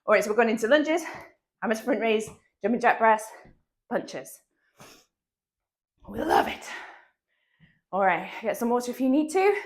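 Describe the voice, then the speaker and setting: This is a fitness instructor coaching dumbbell exercises at a moderate pace, her voice a little high and animated. She pauses often, counts brightly, laughs frequently, and a cold leaves a slight cough in her voice.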